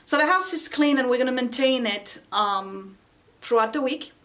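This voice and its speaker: Woman, middle-aged, home vlogger, rambling casual chat, frequent laughs, somewhat high voice. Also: lively intonation, normal speed, a bit bright. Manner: chatty, rambling, laughs often.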